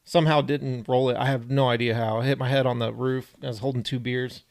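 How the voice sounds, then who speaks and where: A man's voice: mid-range voice, fairly even intonation, fairly quick. A young man co-hosting a podcast, telling a story in a laid-back, easygoing way. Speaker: podcast co-host. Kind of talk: casual storytelling chat.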